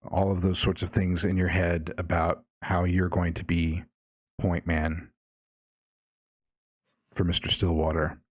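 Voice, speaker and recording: A man narrating as game master of a horror tabletop game, slow and measured, with repeated refrains. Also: deep voice, flat delivery, breathy edge, dry recording.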